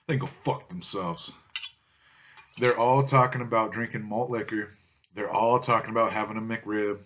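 A man's voice: lowish voice, fairly even intonation, normal speed, fairly bright tone. A man vlogging about drinking malt liquor, ranting angrily at viewers with constant swearing. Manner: angry, foul-mouthed, insulting. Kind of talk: profane ranting vlog.

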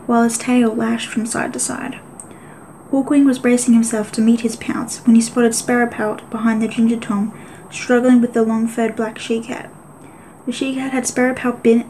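A woman narrating an audiobook in a steady, even way. Her voice sits a little high, and a faint hiss of noise runs under the reading. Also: poor audio. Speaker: audiobook reader.

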